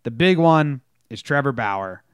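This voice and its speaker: A man's voice: medium pitch, measured pace, clean tone, no echo, clean studio sound. A man co-hosting a casual sports podcast, retelling game moments and acting out the players' lines. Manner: animated storytelling, acts out quotes. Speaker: podcast co-host.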